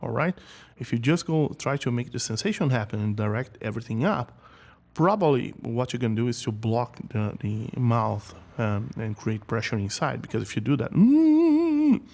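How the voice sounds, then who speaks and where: A man's voice: medium pitch, normal speed, gravelly, darkish tone. A man teaching singing in a casual video lesson, often repeating words as he talks, and now and then singing short example notes.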